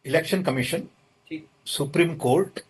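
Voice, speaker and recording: A man's voice: fairly high pitch, slightly rough. An older man, answering questions in an interview in an indignant, emphatic way. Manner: indignant, emphatic, deliberate pauses. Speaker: interview guest. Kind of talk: political interview.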